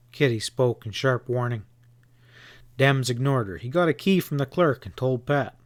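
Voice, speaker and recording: A man narrates a western novel at a mid pitch, even and unhurried. The recording is dry and close to the mic. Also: no room sound. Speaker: audiobook reader. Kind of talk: scripted narration.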